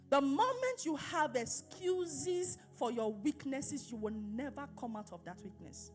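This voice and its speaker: A woman pastor preaching an emphatic sermon, repeating phrases and asking her listeners questions. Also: extremely high pitch.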